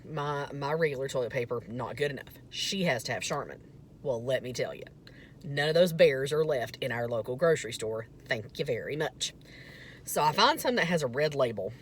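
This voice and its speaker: Low-voiced, lively woman vlogger. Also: slight background noise. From Southern United States. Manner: animated, self-mocking and chatty, turning earnest at the end. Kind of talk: casual storytelling vlog.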